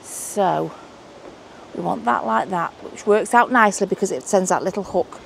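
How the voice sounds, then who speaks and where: A woman's voice: mid-range voice, normal speed, vocal fry. A woman with a Northern English accent chatting to camera as she works on her windy allotment, thinking aloud and laughing at herself. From England. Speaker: allotment vlogger. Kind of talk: casual chat to camera while working. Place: windy outdoor allotment garden.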